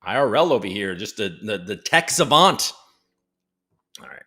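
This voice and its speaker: A man's voice: on the low side, normal speed, breathy edge. A man hosting a casual live crypto stream, joking and teasing viewers as he reads the chat, with some swearing. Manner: lively, with big jumps in loudness. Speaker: crypto livestream host.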